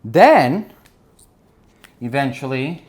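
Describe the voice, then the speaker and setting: A man giving an energetic business lesson while drawing on a board, often checking in with his listeners. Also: medium pitch, very slow. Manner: energetic, keeps checking in with "right?" and "okay?". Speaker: business instructor.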